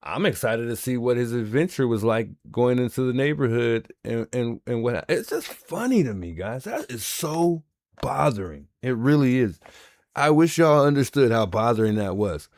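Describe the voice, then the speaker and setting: A man's voice: medium pitch, expressive, normal speed, darkish tone, no echo, clean studio sound. A man hosting a livestream, reacting in casual commentary and repeating himself in disbelief. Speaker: livestream host.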